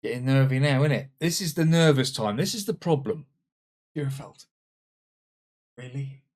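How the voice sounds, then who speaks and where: Animated man, excitable game commentary. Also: medium pitch, normal speed. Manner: animated, exclaiming, swinging between shouts and muttered asides. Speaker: gaming channel host. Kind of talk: let's-play commentary.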